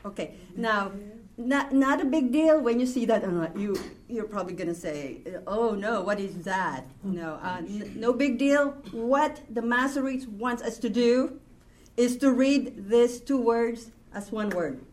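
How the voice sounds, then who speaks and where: Woman, Hebrew teacher, patient step-by-step explaining, slow pace. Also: on the high side, darkish tone. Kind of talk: classroom lesson.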